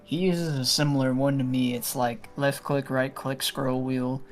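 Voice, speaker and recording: A man streaming a game, telling stories in a lively, casual way and swearing freely. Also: medium pitch, a little slow, soft background music. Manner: animated storyteller, swears freely. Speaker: streamer playing an online game. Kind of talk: casual gaming chat.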